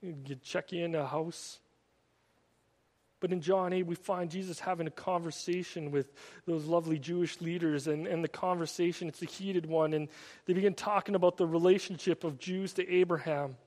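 A man preaching a sermon, retelling stories in an animated, storytelling way with many repeated "and"s. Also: on the high side, moderate pace. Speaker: pastor. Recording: long hall reverb.

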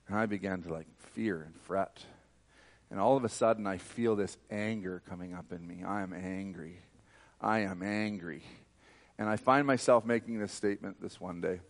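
A man preaching a sermon, fervent and emphatic, telling a personal story. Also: deep voice.

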